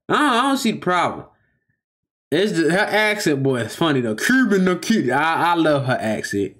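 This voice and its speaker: A man's voice: a little high, very animated, normal speed, a bit bright. A man hosting a reaction video, talking casually in slang and often repeating himself as he stops to comment.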